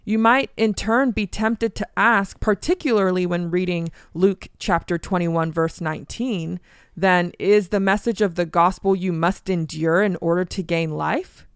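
Measured woman teaching scripture. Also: fairly low pitch, smooth, dry recording, clean studio sound. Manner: measured, reads scripture slowly and deliberately. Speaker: co-host of a Bible teaching podcast.

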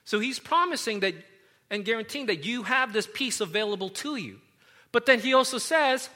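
A man's voice: extremely high pitch, expressive, moderate pace, sharp tone. A man giving a conversational sermon as a preacher, rambling a little with frequent fillers and self-corrections.

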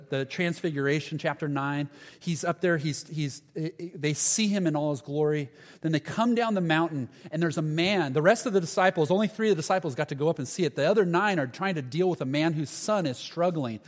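A male pastor delivers a sermon in a relaxed, conversational way, often slipping into the voices of the people in the story. His voice sits a little high for a man. The sound rings out with the long reverb of a big church sanctuary. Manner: conversational preaching, acts out Bible dialogue. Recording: long reverb of a large hall.

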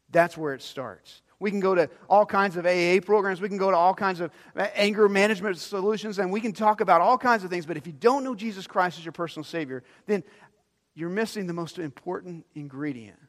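A man preaching a sermon as pastor, animated, swinging between loud emphasis and hushed low lines. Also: long reverb tail.

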